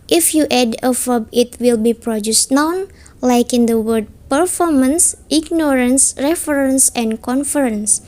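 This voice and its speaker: Slow, careful young woman. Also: high voice, darkish tone. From Indonesia. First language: Indonesian. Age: young adult. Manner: careful, halting reading with self-corrections. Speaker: university student presenter. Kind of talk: reading a class presentation.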